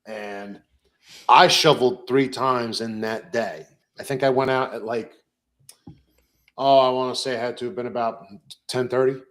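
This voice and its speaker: A young man co-hosting a podcast, chatting casually in a relaxed, rambling way with many fillers. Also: medium pitch, normal speed, pauses often. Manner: easygoing, rambling recaps with fillers. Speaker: podcast co-host.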